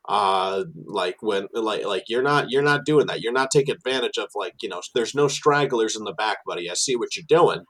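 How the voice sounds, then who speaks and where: A man, working as a tour guide, telling animated stories in casual chat with many fillers and restarts. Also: normal speed, few pauses, poor audio. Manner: animated storyteller, many fillers and restarts, drops low for asides.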